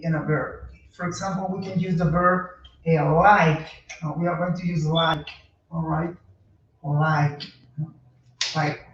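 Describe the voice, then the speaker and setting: A man teaching an English grammar lesson, speaking slowly and repeating words with frequent "okay"s. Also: high-pitched, slight background noise. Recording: echoey distant lo-fi room recording.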